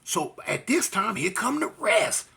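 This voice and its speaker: A high-voiced man with a raspy, gravelly edge tells a street story with wild swings in pitch. His tone is bright and lively, and he breaks into punch sounds and other people's voices as he goes. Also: a little slow. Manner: acts out voices and fight sounds, slangy.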